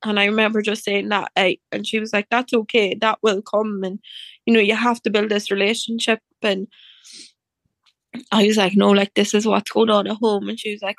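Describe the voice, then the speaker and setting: A woman's voice: medium pitch, little pitch movement, fairly quick, no room sound. A woman telling a personal story in casual chat, acting out what people said to her with many fillers. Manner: chatty, acts out reported dialogue, many fillers like "like".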